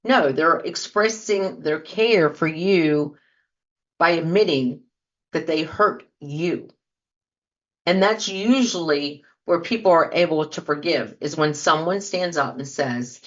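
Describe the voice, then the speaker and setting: A woman's voice: lowish voice, slow, dull audio. A woman hosting a show, talking casually to her listeners and acting out example apologies as she goes. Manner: conversational, acts out sample apologies. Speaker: podcast host. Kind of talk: casual talk, speaking to listeners.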